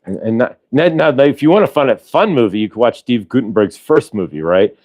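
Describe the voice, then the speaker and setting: A man's voice: medium pitch, lively intonation, brisk, darkish tone, no echo. A male show host from Ohio chatting casually, rambling through tangents with frequent restarts. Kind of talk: casual chat.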